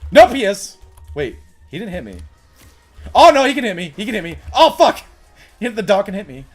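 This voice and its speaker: Excitable man streaming a game. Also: high-pitched, brisk, faint music behind. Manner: excitable, yelling commands at a pet and laughing. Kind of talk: live gameplay commentary.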